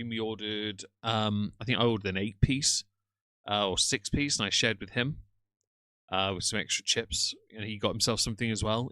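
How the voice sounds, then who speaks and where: A man's voice: on the low side, bright, forceful tone, dry recording. A man doing sarcastic live-stream reaction commentary and greeting viewers by name.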